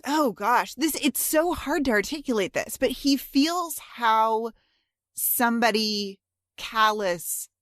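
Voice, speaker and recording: Higher-voiced woman, halting podcast chat. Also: expressive, fairly bright tone, dry recording, studio quality. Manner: halting, searching for words, swears casually. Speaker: podcast co-host. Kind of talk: casual chat.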